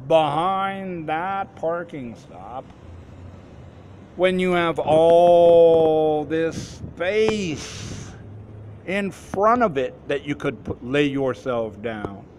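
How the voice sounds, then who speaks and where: A man in his fifties recounts a personal story at an unhurried, drawn-out pace. His voice sits a little high for a man, and he often trips over his words and starts sentences again. A faint hiss runs underneath. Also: expressive, darkish tone. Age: 50s. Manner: halting, with frequent restarts and repeated words. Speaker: formerly homeless man recounting an experience.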